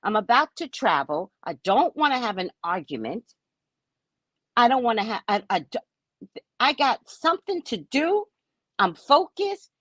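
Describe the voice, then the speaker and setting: Loud-mouthed woman venting on a live stream, husky voice, big swoops up and down. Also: fairly high pitch, a little slow, pauses often, dry recording. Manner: brash, profane, mocking, animated storytelling. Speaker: psychic reader and vlogger. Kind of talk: casual live-stream rant.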